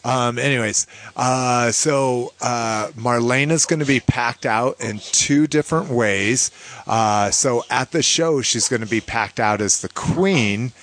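A man's voice: mid-range voice, takes it slowly, fairly bright tone. A man co-hosting a podcast, chatting casually about toys and laughing often between fillers. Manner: laid-back, laughs often, many fillers. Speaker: podcast co-host.

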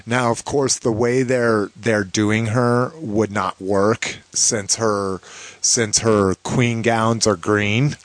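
Slow-talking low-voiced man. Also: steady tone, dry recording. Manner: laid-back, laughs often, many fillers. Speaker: podcast co-host. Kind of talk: casual chat about toys.

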